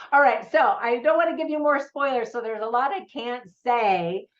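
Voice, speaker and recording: A woman's voice: on the high side, normal speed, dull audio. A woman giving a casual, chatty movie review for parents, often laughing.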